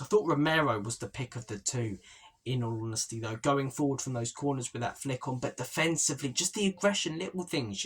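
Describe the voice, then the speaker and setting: A young man hosting a football fan channel, talking through a post-match reaction in a chatty, opinionated way and often repeating himself. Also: mid-range voice. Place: holiday stay by the sea.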